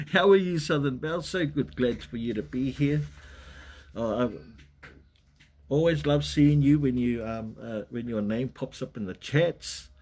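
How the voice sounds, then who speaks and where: Speaking at a measured pace with a medium pitch and a somewhat mellow sound, a man hosts a laid-back livestream from his Western Australian home. His chat meanders, and he welcomes viewers by name.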